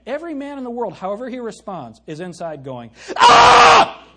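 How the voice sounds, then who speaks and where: A man's voice: high voice, sing-song, quick pace, very noisy. A male pastor preaching an emphatic sermon, asking his congregation questions and reading scripture aloud.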